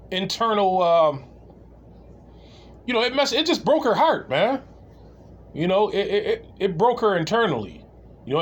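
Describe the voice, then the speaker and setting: Rambling man with a lively voice. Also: sits high. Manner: rambling, full of restarts and laughter. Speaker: storyteller. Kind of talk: casual comedic anecdote.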